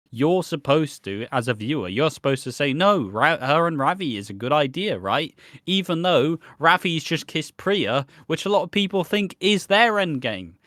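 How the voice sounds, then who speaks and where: A man's voice: a little high, a bit bright, no echo, clean studio sound. A man co-hosting a podcast, rambling through a soap recap and swearing freely. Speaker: podcast co-host. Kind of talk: casual chat recapping a soap.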